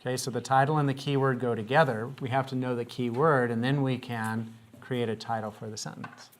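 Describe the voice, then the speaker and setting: A man's voice: medium pitch, fairly even intonation, brisk, a little hiss or hum. A man teaching a grammar lesson to young students, patiently asking questions and coaxing answers.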